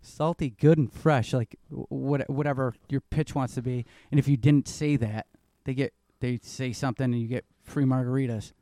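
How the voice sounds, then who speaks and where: A man in casual conversation, rambling through stories with an easy, profane looseness. His voice sits in a middle pitch and is recorded dry and close, with no room sound. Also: fairly even intonation, normal speed, few pauses, mellow, no room sound. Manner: loose, rambling storytelling with swearing. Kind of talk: casual chat.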